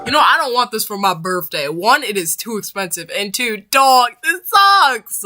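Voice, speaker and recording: A woman reacting to a game trailer in casual, slangy commentary, excitable and quick to laugh and shout out. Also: fairly high pitch.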